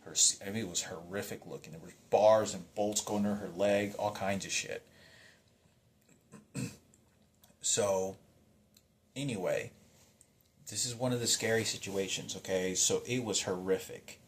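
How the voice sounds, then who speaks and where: A man's voice: on the low side, fairly even intonation, a little slow, long pauses. A man telling a personal story in a rambling, emotional monologue, restarting sentences and swearing heavily. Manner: agitated, rambling, heavy swearing.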